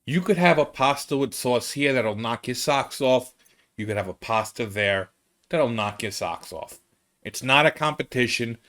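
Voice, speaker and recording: An American comedian chatting casually about a trip, rambling and interrupting himself, often checking in with "okay?". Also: male voice, mid-range voice, lively intonation, moderate pace, a bit bright. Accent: American English. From United States. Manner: rambling, self-interrupting, keeps asking "okay?". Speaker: comedian telling a travel story. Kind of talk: casual chat.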